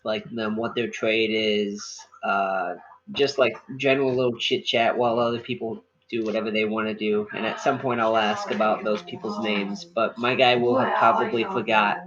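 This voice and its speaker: A man playing a tabletop game, describing his character's actions in a deadpan, plainspoken way. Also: on the low side, moderate pace, dull audio, slight background noise. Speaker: player.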